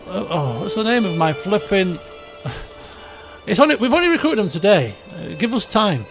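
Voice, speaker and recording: A man's voice: high voice, big pitch swings, normal speed, over music. A man hosting a game roleplay, reading story passages and chatting offhand in a rambling way, often restarting his sentences. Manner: switches between reading story text and offhand chat. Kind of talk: casual let's-play roleplay narration.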